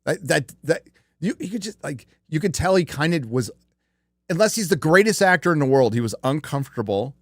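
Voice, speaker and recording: A man's voice: fairly high pitch, animated, brisk, no room sound, studio quality. Rambling, profane male stream host. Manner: rambling and profane, with many fillers and restarts. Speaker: podcast host. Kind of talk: casual live-stream chat.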